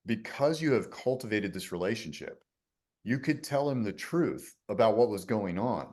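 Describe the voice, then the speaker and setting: A man with a lowish voice that moves widely up and down, speaking as a dad coach. He is earnest and emphatic, pressing his point home like a small sermon. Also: animated, moderate pace, a little mellow. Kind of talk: podcast chat, reflective commentary.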